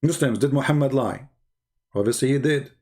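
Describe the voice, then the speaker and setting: A man's voice: mid-range voice, normal speed, a little mellow. A man with giving mocking, sarcastic commentary on video clips. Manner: sarcastic, repeats words for effect, non-native phrasing.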